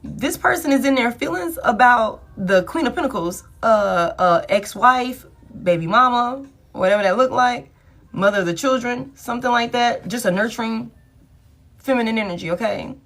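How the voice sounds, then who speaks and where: A woman's voice: fairly high pitch, animated, normal speed, fairly bright tone. A woman reading tarot cards for her viewers in a casual, blunt, profane way, talking straight to them. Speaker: tarot reader.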